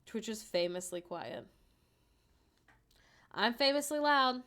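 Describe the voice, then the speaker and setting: A woman's voice: mid-range voice, expressive, very slow, pauses often, fairly bright tone, smooth. A young woman chatting casually on a livestream from home, joking and laughing often at herself. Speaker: streamer. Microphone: desk microphone.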